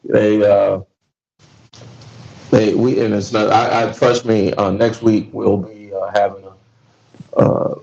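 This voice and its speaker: Man, podcast host, gravelly, dark tone, dull lo-fi sound. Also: lowish voice, little pitch movement, takes it slowly, long pauses, a little hiss or hum. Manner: storytelling, profane, laughs often. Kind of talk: casual podcast chat.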